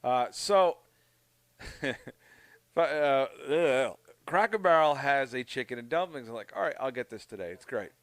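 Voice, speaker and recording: A man's voice: medium pitch, lively intonation, measured pace, dry recording. Profane Canadian storyteller, man. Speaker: podcast co-host. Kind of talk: casual chat.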